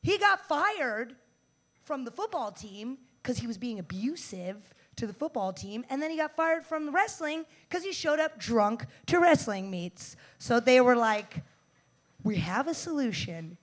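A woman in her twenties from the United States performing a stand-up set, brash and profane, with loud bursts and mock-tough asides. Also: fairly high pitch. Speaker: stand-up comedian.

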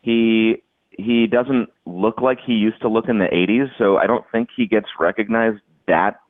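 A man's voice: on the low side, steady tone, unhurried, no echo. A man chatting casually on a podcast, rambling with lots of restarts and "like"s. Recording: dry, tinny phone-like line.

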